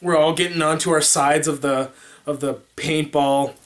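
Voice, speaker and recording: A man vlogging, telling a story casually to the camera, rambling and animated, making his own sound effects. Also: on the high side, normal speed.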